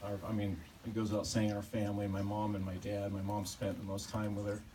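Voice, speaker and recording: A man giving a personal eulogy for a family member, telling fond stories in a halting way and often chuckling. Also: lowish voice, monotone. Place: memorial service gathering. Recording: distant mic with background noise.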